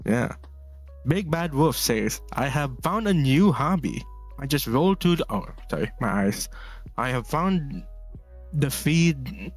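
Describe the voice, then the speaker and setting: Relaxed rambling male streamer, music behind. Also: medium pitch, takes it slowly. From Philippines. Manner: relaxed, rambling, laughs often, reads chat aloud. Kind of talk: casual chat while drawing.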